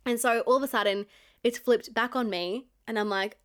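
A woman's voice: a little high, steady tone, moderate pace. A young woman casually telling a personal story, chatty and full of filler words, often breaking into laughter. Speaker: storyteller recounting a past relationship.

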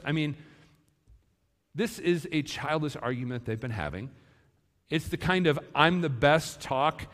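A man preaching a sermon in a church, animated and acting out the disciples' words. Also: high-pitched. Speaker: pastor. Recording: long hall reverb.

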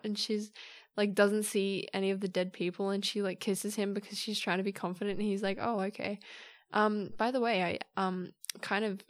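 A woman's voice: mid-range voice, no echo. A young woman hosting a casual solo podcast, rambling and chatty as she retells a film story. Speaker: podcast host.

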